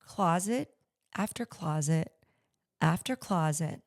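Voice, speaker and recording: Candid gravelly woman telling stories. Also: sits low, slow. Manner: candid, animated storyteller who acts out quoted voices. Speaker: podcast guest, luxury consignment store owner. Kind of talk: conversational interview storytelling.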